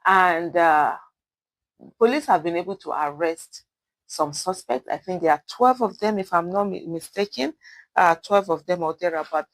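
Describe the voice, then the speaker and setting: A woman's voice: lowish voice, animated, normal speed, no echo, rough recording. Rambling Nigerian woman from Edo. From Edo State, Nigeria. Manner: rambling, many fillers and self-corrections; earnest, urging the listener. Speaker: commentary host. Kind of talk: casual spoken commentary.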